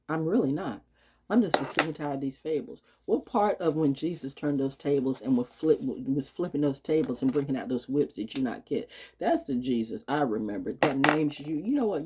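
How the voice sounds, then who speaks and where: A woman speaking in an unscripted vlog monologue, blunt and profane, swinging from loud challenges to low, muttered asides. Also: breathy edge. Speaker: astrology vlogger. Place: outdoors. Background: birds.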